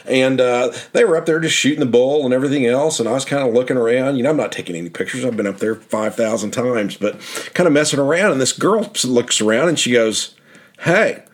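A man's voice: medium pitch, fast. A man hosting a travel podcast, telling stories in a loose, rambling, folksy way and often repeating phrases. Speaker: podcast host and tour guidebook author. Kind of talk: casual storytelling travel podcast.

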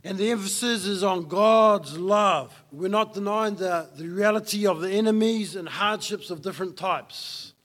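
A man's voice: high voice, normal speed, few pauses, a bit bright. A man preaching a sermon as pastor, emphatic and fond of repeating key lines for effect.

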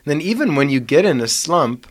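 A man's voice: fairly high pitch, big pitch swings, brisk. A man co-hosting a casual chat, thoughtful and affirming, drawing analogies. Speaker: podcast co-host.

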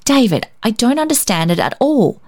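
A stern middle-aged aunt from a storybook, sharp and demanding as she questions a child, as a woman reader puts her on. Her voice lifts a little above the reader's own. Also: fairly high pitch, big pitch swings, moderate pace, dry recording, clean studio sound, pitched above the performer's own voice.

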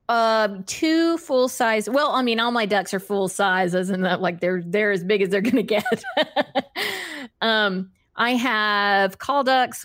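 Woman, casual livestream host, giggly, self-deprecating, lots of fillers, mid-pitched, dry close mic. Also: a bit bright, dry recording. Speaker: livestream host answering chat questions. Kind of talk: casual live chat.

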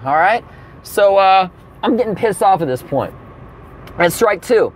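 A young adult man telling a comedic story, animated and profane, with sudden exaggerated outbursts. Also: high voice, measured pace, pauses often, noisy background.

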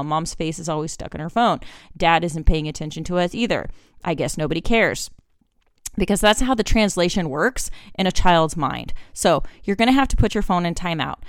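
A woman in her forties talks through a solo podcast with a smooth, clear voice that sits a little low. The sound is dry and close, with no room around it. She is chatty and candid, and she slips into quick acted-out bits of dialogue with her kids. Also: no echo. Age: 40s. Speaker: podcast host.

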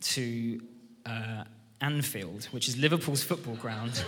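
Bright-voiced preacher in a ringing hall. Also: male voice, mid-range voice, extremely slow, pauses often, a little hiss or hum. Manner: enthusiastic, conversational, storytelling. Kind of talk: sermon. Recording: reverberant church hall.

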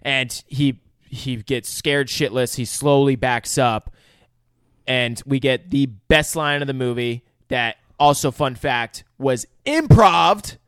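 Podcast co-host, male, mid-pitched, loose profane recap voice, dry close mic. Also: slow, fairly bright tone, clean tone, no room sound. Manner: profane, rambling play-by-play retelling. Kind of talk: casual chat.

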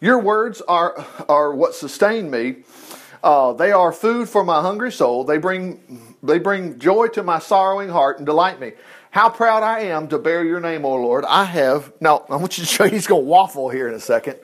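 A man preaching a casual sermon, reading scripture aloud and commenting on it in a folksy, animated way. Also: a little high, moderate pace.

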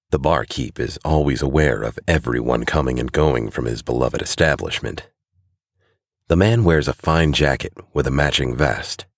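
Very deep-voiced male storyteller. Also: no room sound, clean studio sound. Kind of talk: scripted narration.

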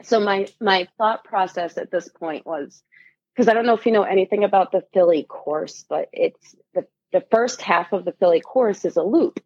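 Guest storyteller: husky-voiced woman, lively, acts out quotes, lo-fi dry recording. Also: medium pitch, normal speed, dry recording. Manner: animated, laughing, acts out quotes. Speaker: guest runner. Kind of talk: casual storytelling.

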